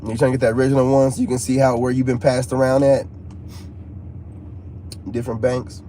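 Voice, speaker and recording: A man talking to his viewers in a casual, rambling monologue, restless and animated, often repeating himself. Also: medium pitch, very fast, a little hiss or hum. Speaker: YouTuber.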